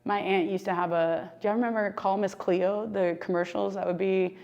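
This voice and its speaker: A woman leading a casual church Bible study discussion, talking in an animated, conversational way full of "like.". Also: mid-range voice, moderate pace, muffled recording. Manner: animated, conversational, heavy use of "like".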